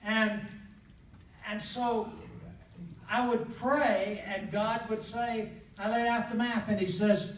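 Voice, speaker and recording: An older man from the southern United States, a traveling evangelist, telling his testimony in a folksy, animated way with laughter. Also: high-pitched, takes it slowly. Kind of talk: storytelling testimony in conversation. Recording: echoey room, distant mic, faint noise.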